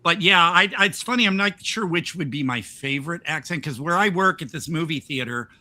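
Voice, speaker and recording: Bright-voiced older American man chatting. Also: a little high, lively intonation, brisk. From United States. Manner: rambling, self-interrupting, laughs often. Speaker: podcast host. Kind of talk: casual chat.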